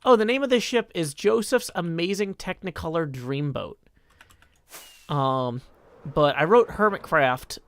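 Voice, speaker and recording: A man's voice: a little high, lively intonation, measured pace, fairly bright tone. Man, live streamer, casual chat, reads messages aloud, dry self-deprecating humor.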